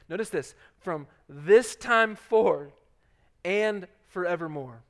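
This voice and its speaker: A middle-aged male pastor preaching a sermon, swinging from loud urgent passages to hushed soft ones. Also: high voice, takes it slowly.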